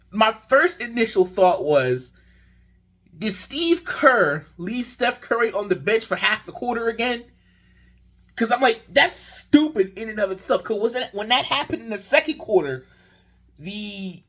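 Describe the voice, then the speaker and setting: A young man with a slightly husky voice rambles through a casual basketball recap. His pitch rises and falls widely as he tells the story, and he sounds exasperated throughout. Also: very animated, unhurried, a bit bright. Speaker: sports vlogger.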